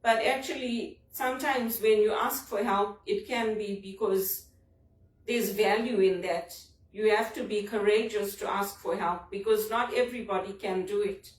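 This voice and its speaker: A woman's voice: medium pitch, steady tone, normal speed. A woman from Zimbabwe, talking in an earnest, personal, reflective monologue about a leadership book. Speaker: vlogger discussing a leadership book. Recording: roomy sound from a distant mic.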